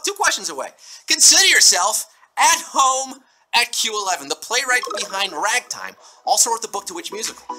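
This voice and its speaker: A man hosts a live trivia quiz with a very bright, ringing tone, reading out questions and answers quickly. He leans on puns and jokes, slipping into short sung snippets. Faint music runs underneath. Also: sits high, poor audio. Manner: playful, punning, breaks into song snippets. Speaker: quiz show host. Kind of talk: live mobile trivia hosting.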